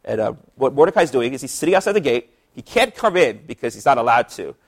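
A man's voice: medium pitch, fast. Laid-back man teaching Bible study. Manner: relaxed and chatty, many fillers and asides. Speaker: pastor.

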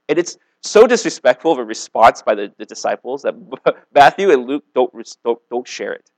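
A man's voice: mid-range voice, very animated, fairly quick, darkish tone, no echo. A man giving a casual, jokey sermon, acting out voices and asides as he tells stories. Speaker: pastor.

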